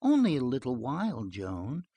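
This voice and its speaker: Narrator doing a soft calm young mom, soothing and restrained, gently talking her kid round, dry close audiobook sound. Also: mid-range voice, moderate pace, slightly rough, dry recording, exaggerated voice. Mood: gentle coaxing.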